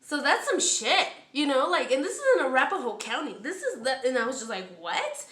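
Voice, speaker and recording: A woman's voice: high voice, animated, a little fast, fairly bright tone, echoey room. A woman in a casual storytime vlog, chatty and profane, full of "like" and acted-out quotes. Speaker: storytime vlogger.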